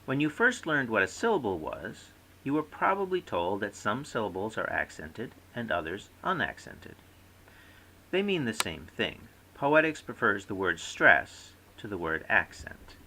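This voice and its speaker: A man's voice: fairly low pitch, big pitch swings, measured pace, bright, forceful tone, poor audio. A man giving a scripted recorded lecture as a course instructor, reading aloud and demonstrating word stress by example.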